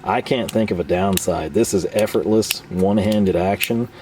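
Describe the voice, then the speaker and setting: A man's voice: sits low, moderate pace, a little mellow, a little hiss or hum. A man talking casually through a hands-on tool demo, playfully voicing imagined viewers' objections and answering them. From Texas. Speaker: tool reviewer. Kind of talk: casual product demo talk.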